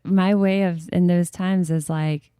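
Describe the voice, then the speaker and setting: A woman's voice: fairly low pitch, fairly even intonation, measured pace, mellow, clean tone, no room sound, clean studio sound. A woman hosting a podcast interview, encouraging her guest and chiming in with short replies. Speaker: podcast host. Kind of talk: casual interview.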